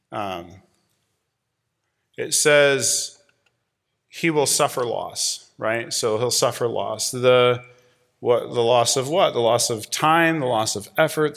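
Gravelly man preaching conversationally. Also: mid-range voice, a bit bright. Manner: conversational preaching, frequent "right?" checks. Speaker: pastor. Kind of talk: sermon. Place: church before a group.

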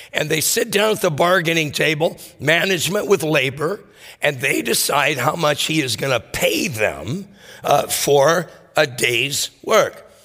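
A man preaching a sermon, telling a parable in an animated way and acting out the characters' voices. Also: fairly high pitch, husky, long reverb tail. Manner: animated storytelling, acts out voices. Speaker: pastor.

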